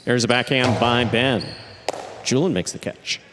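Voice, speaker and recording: A man calling live play-by-play, his voice leaping up on exciting plays and settling back to explain them. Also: mid-range voice, a little slow, background noise. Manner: animated, voice jumps up on exciting plays. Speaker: play-by-play commentator. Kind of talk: live sports commentary.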